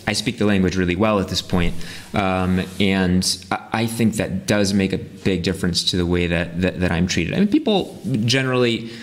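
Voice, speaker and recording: A man's voice: sits low, animated, normal speed. A man from the United States as a guest in a casual interview, talking hesitantly with many restarts.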